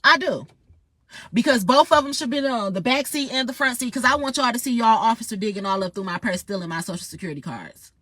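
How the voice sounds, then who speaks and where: A woman's voice: fairly high pitch, lively intonation, fast talker, fairly bright tone, no echo. A woman ranting in a heated, profane, confrontational monologue straight to her viewers. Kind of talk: angry monologue vlog.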